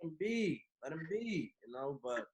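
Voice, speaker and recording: A man co-hosting a podcast, bantering in animated, slangy casual chat. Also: on the high side, normal speed. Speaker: podcast co-host.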